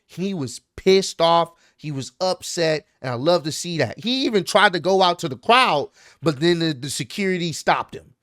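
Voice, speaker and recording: A man recapping a wrestling show in a casual, animated way, full of slang and quick asides, as host of his own channel. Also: on the high side, dry recording, clean studio sound.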